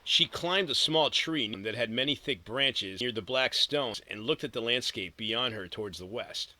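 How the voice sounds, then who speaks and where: A man narrating an audiobook in a steady storytelling read with vivid emphasis. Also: mid-range voice, normal speed, no room sound, low-quality recording.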